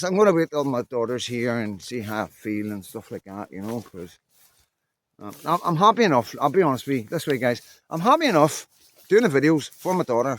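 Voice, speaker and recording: Northern Irish man, fifties, blunt rambling vlogger talking into a phone outdoors. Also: medium pitch. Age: 50s. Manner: rambling, candid, blunt, mild swearing. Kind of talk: casual monologue to camera. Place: outdoors on a muddy walk.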